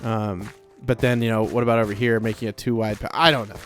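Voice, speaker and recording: A man's voice: on the low side, flat delivery, fast talker, faint music behind. A man giving casual, rambling commentary as he plays a video game, talking to himself with lots of filler words. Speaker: Let's Play creator.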